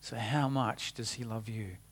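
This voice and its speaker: A man preaching a sermon, earnest, rising for emphasis and dropping to a hushed tone. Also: fairly low pitch, fairly even intonation, a little slow, breathy edge.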